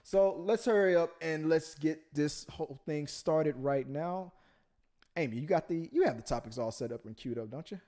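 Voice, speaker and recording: A man's voice: a little high, moderate pace, warm tone. A man from Texas with a slight Texan accent, hosting a podcast in casual chat and rambling with many restarts. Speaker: podcast host.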